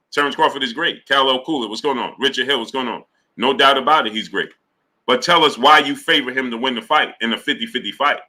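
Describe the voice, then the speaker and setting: A man hosting a live boxing stream, reading viewer super chats and greeting them by name in an animated, casual way. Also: medium pitch, rough recording. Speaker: boxing talk show host.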